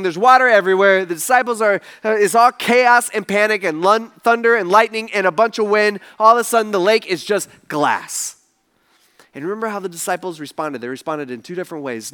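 A man with a high voice preaching a sermon. He tells the story casually and keeps checking in with the congregation through direct questions. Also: a bit bright, clean tone. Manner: conversational storytelling, asks the crowd questions. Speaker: pastor.

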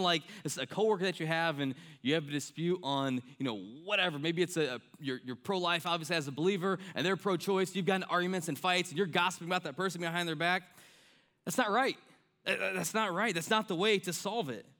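Young guy preaching, bright crisp voice, keeps saying right? and repeating himself. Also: sits high, quick pace. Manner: earnest preaching, repeats key lines, many fillers like "right?" and "I mean". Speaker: pastor. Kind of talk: sermon.

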